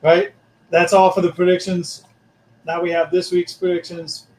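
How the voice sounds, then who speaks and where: A grumpy man with a Boston accent co-hosts a sports podcast, chatting casually and breaking into emphatic rants. His high voice is a little mellow with a flat delivery at normal speed, and the recording is rough.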